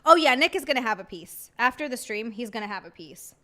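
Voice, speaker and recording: A woman's voice: on the high side, expressive, a little fast, bright, forceful tone. A woman streamer chatting casually with her viewers while eating, often giggling. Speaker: live streamer. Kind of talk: casual live-stream chat.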